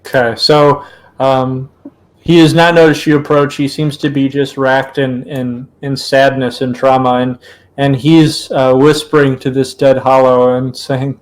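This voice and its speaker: A man runs a tabletop game, narrating at a slow, deliberate pace. He hesitates often and fills gaps with little fillers as he sets the scene, his pitch sitting in an ordinary middle range. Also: little pitch movement, poor audio. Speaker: game master.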